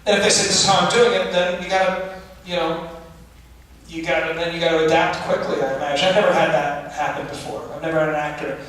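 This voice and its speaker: A man's voice: fairly high pitch, little pitch movement, fast, a bit bright. Chatty man in an echoey hall. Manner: chatty, laughing asides, restarts. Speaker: film director answering audience questions. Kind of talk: festival Q&A, casual answers. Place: large hall with audience. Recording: echoey hall from far off, audience noise.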